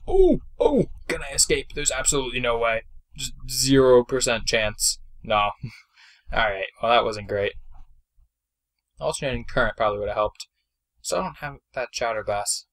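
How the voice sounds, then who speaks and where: A young man giving casual, chatty commentary over his own mobile game, excitable and self-deprecating, speaking into a desk mic. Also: mid-range voice, moderate pace. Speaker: gameplay commentator.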